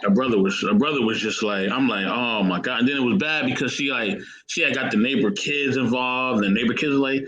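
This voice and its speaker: Man, bright tone, laid-back rambling storyteller, casual chat. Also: medium pitch, brisk, low-quality recording. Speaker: panel guest.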